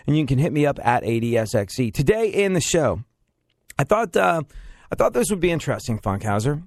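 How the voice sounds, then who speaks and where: A man's voice: mid-range voice, animated, a little fast, a little mellow, no room sound, clean studio sound. A man hosting a podcast in casual chat, talking in a wry, rambling, self-deprecating way. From England. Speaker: podcast host.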